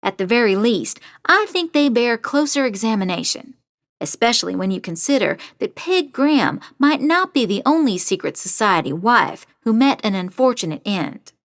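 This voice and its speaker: An actress playing a determined young woman true-crime podcaster, narrating her story in the first person in a measured, confiding way. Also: fairly high pitch, sing-song, no echo, studio quality.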